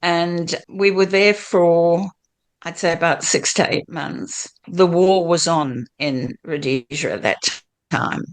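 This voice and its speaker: A woman's voice: lowish voice, slow pace. An older woman with a blended British, Australian and South African accent, telling her life story as an interview guest, chatty and reminiscing, laughing often. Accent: mixed British, Australian and South African. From Britain.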